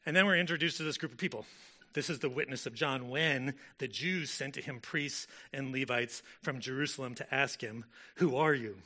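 A man's voice: medium pitch, brisk, pushed and bright. A man preaching a sermon in a conversational way, with frequent fillers and self-corrections as he explains a scripture passage. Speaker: pastor.

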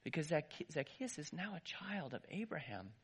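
A man voicing a calm, gentle teacher who speaks slowly and solemnly, in a sermon retelling. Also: fairly high pitch, slight background noise.

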